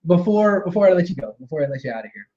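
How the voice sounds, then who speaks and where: A man's voice: sits high, very animated, racing, mellow, lo-fi sound. A man hosting a live wrestling radio show, chatting casually with a guest, laughing often and keeping things moving. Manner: laughs often, easygoing, wraps up segments. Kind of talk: casual interview chat.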